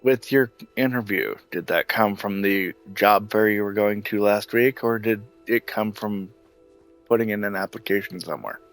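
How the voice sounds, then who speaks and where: A man chatting casually while streaming a video game, relaxed and talkative. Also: fairly low pitch, moderate pace, faint music behind. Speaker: gaming streamer. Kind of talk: casual live-stream chat.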